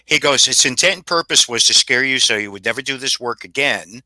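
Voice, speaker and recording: Bright-voiced storytelling man. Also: medium pitch, a little fast, few pauses, dry recording. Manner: rambling, salty, swears freely. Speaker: paranormal investigator guest. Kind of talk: casual storytelling.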